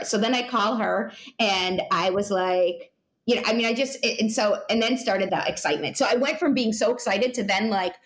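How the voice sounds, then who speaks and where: A woman's voice: mid-range voice, moderate pace. A woman in her thirties, an interview guest telling a personal story in a rambling way, full of "you know" and restarts.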